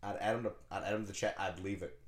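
Lower-voiced man, roomy echo. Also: fairly even intonation, fast. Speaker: podcast co-host. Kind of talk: casual chat, storytelling.

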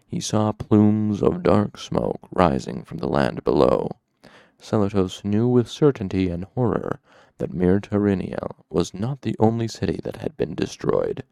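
A man reading a fantasy novel aloud as an audiobook narrator, measured and steady. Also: lowish voice, vocal fry, no room sound.

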